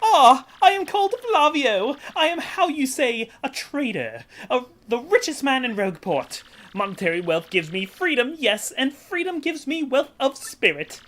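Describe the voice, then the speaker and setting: A pompous, flamboyant rich male trader, put on by a woman reading game dialogue aloud. He declares everything in grand, theatrical swoops, his voice pushed higher than hers and swinging widely. It is video game let's play voicing, not studio acting. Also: sing-song, moderate pace, fairly bright tone, exaggerated voice.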